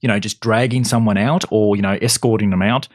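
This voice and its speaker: A man's voice: on the low side, steady tone, fairly quick. Man retelling film scenes casually. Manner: retells scenes step by step with many fillers. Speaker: podcast co-host. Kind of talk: casual chat.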